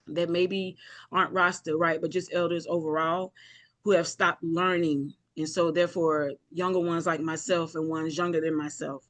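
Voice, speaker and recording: Woman keynote speaker, impassioned and rhythmic, heard over a video call. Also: low voice. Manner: impassioned, rhythmic lists, frequent apologies. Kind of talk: emotional anniversary speech. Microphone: video call mic.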